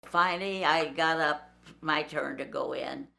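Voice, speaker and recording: An older woman telling a story in a lively way and acting out the voices of the people in it. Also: sits low, unhurried, vocal fry. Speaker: interviewee. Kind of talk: storytelling anecdote.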